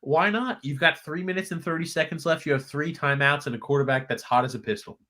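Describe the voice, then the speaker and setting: A man co-hosting a casual college football watchalong podcast, excitable and prone to high-pitched outbursts. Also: fast. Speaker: podcast co-host. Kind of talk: casual game watchalong chat.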